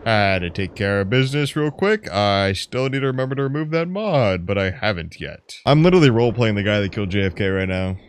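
Foul-mouthed young guy gaming, lively voice. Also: fast talker, hardly any pauses, a little hiss or hum. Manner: profane, swings from low mutters to loud yelps. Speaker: gaming YouTuber. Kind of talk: gameplay commentary.

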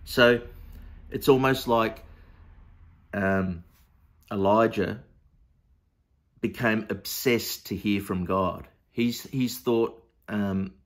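Preacher, male, lowish voice, chatty Bible teaching with lots of ums and restarts. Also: very slow, long pauses. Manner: conversational, hesitant with many fillers and restarts.

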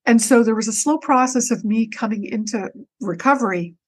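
Woman, podcast guest, personal storytelling, fairly high voice, animated, restarts and repeats words. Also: moderate pace, low-quality recording. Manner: animated, breaks into her own quoted speech.

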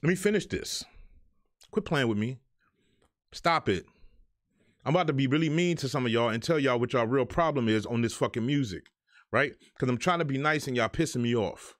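A man's voice: medium pitch, a little fast, long pauses, fairly bright tone. A man hosting his own live show, ranting in a profane, exasperated way to the people who send him music. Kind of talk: ranting live stream talk.

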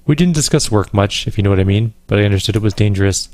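A man's voice: fairly low pitch, fast, a little mellow, slight background noise, natural voice. A man voicing a weary, flippant young woman witness who talks in an evasive, wry way while reading a game aloud. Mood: guarded.

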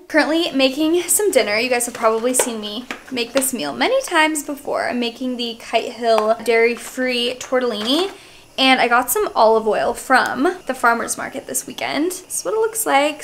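A woman's voice: a little high, a bit bright, slight background noise. A young adult woman talking casually to camera in a chatty vlog, full of "like" fillers. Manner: chatty, filler-heavy with lots of "like". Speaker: lifestyle vlogger and podcast host.

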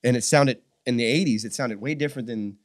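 Casual podcast guest, man, fast and lively storyteller, dry close sound. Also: medium pitch, no room sound. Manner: animated storyteller, acts out quotes. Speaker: guest musician. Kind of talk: casual interview chat.

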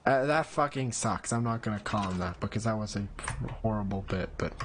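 A man talking through a video game stream in a loose, excitable way. He swears constantly and his voice jumps up into frustrated yelling. There is a clear layer of noise under his voice. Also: lowish voice, fairly quick. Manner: excitable, swears a lot, yells when frustrated. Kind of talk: casual gameplay commentary.

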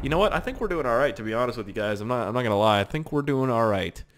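A man's voice: medium pitch, rapid-fire, noisy background. Rambling, self-mocking gamer guy. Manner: rambling and self-mocking, swears, sudden excited outbursts. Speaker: gaming YouTuber. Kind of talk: casual gameplay commentary.

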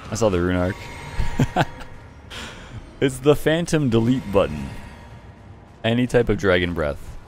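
Young male gaming commentator, deep voice, gleeful taunting, noise under the mic. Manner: playful taunting, gleeful laughs. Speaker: gaming YouTuber. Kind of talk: gameplay commentary.

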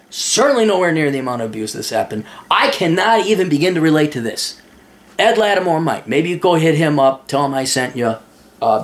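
A man hosting a casual advice show, blunt and profane, reading a listener's letter and answering it. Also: fairly high pitch. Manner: reads listener's letter aloud. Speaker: advice podcast host.

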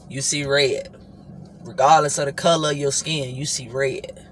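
A man hosting a casual devotional vlog, talking to viewers in an animated, repetitive way and now and then breaking into song. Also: mid-range voice, a little slow, pauses often, slight background noise. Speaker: vlog host.

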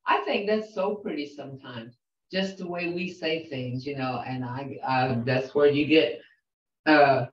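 An older woman teaching a language class, slowly sounding out syllables and words and repeating them patiently for her students. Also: extremely low pitch. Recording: roomy, distant, dull lo-fi sound.

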